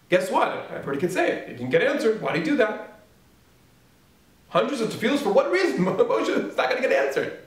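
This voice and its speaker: Man, rabbi, sermon, rhetorical questions, loud-to-hushed swings, roomy echo, off-mic. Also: on the high side, creaky. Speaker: rabbi teaching at a yeshiva. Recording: echoey room, speaker far from mic.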